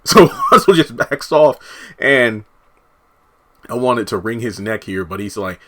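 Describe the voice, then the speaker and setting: Casting: male reviewer, bright tone, animated recap style with frequent asides. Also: medium pitch, a little slow, pauses often. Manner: animated, talks in asides and acted-out quotes. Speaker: TV show reviewer. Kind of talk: casual recap commentary.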